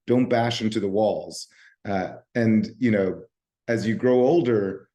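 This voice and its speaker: A middle-aged man with a slightly scratchy, hoarse voice, giving a relaxed live-stream talk over a video call with ums and restarts. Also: lowish voice. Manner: relaxed, talks with fillers and restarts. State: hoarse from voice overuse. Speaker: guest speaker, nonprofit founder.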